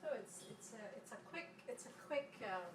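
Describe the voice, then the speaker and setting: A woman's voice: on the high side, lively intonation, breathy edge. Woman at a panel podium, stops and restarts a lot, says uh often. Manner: halting, many repeated words and restarts. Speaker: panel presenter. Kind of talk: conference presentation. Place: conference room with podium.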